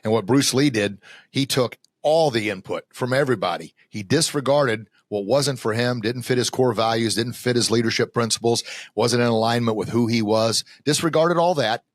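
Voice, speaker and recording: A man, a confidence coach being interviewed on a podcast, talking in an energetic, emphatic, motivational way. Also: medium pitch, normal speed, no room sound, studio quality.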